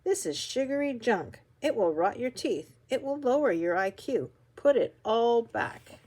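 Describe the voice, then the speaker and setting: A fed-up storybook father who scolds with a raised, exasperated voice, as a grandmother puts him on. He lectures firmly, his pitch swinging up as he insists. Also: lively intonation, measured pace, a little mellow, husky. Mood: scolding. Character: exasperated father, strict but soft-hearted.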